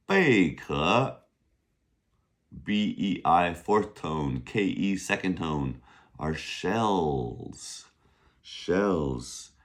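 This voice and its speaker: Casting: deep-voiced male teacher, voice wearing thin, slow, animated delivery. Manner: upbeat, drills with repeat-after-me. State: losing his voice. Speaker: Mandarin teacher. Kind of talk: casual vocabulary lesson. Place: beach, outdoors.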